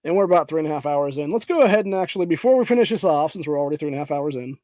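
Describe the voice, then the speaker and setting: A man's voice: fairly high pitch, lively intonation, very fast, a little mellow, no echo. Profane ranting man, dry close sound. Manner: profane, repeats "dude", ranting; reads headlines aloud. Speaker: political podcast host. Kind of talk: angry political rant.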